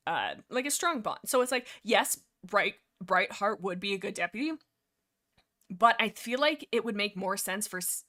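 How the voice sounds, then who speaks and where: Brief: female streamer, casual rambling book talk, sarcastic, mid pitch. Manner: animated, sarcastic, many fillers and restarts. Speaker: streamer discussing a book series.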